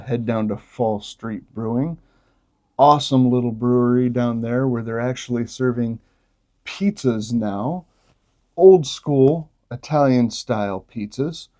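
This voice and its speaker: A man talks through his beer tasting in a relaxed, unhurried way, his mellow voice low and warm. He tosses off jokes and exclamations between sips, casual and unscripted. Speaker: beer vlogger.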